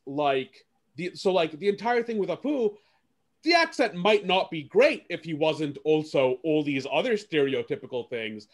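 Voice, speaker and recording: Careful, measured man with a higher voice. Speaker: panelist. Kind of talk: panel discussion.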